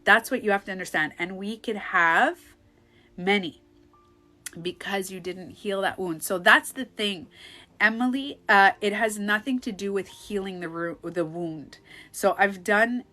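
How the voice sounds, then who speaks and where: Woman, thirties, life coach, casual phone live chat, lively, faint music behind. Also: mid-range voice, measured pace. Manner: animated, acts out quoted outbursts loudly.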